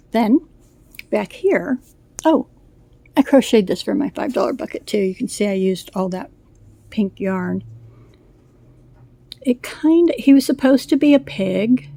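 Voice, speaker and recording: A woman's voice: a little high, animated, unhurried, gravelly, pauses often, warm tone. A middle-aged woman chatting casually about her crochet work, gushing and rambling with fillers, a little out of breath. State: slightly out of breath. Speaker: crochet vlogger. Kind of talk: casual show-and-tell chat.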